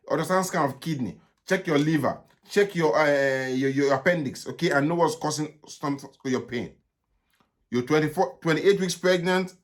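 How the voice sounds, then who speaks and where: A man with a Nigerian accent, a gynaecologist answering viewers' questions live in brisk, repetitive bursts, often checking "okay?". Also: fairly high pitch. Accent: Nigerian English. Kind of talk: live Q&A stream.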